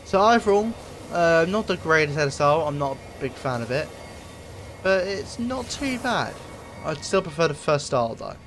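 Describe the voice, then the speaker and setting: A man giving a casual review of game items, speaking in an easygoing, rambling way and often pausing with fillers. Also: mid-range voice, a bit bright. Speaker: gaming video creator.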